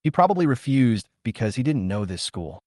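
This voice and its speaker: A man narrating a comic story recap in a steady storytelling manner. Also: mid-range voice, a little fast, no echo, studio quality.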